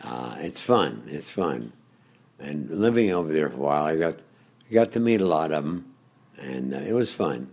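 Older man, very deep voice, radio host, rambling storyteller. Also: sing-song, normal speed, creaky, darkish tone. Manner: rambling storyteller with frequent uh's and chuckles. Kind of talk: reminiscing interview.

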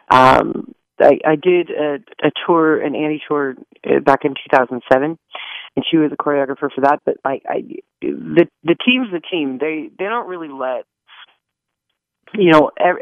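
Brief: lively male actor guest, a bit high, dry studio sound, jokey and self-mocking. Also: no room sound, narrow, tinny audio. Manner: animated, joking, lots of restarts and laughs. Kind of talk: casual interview chat.

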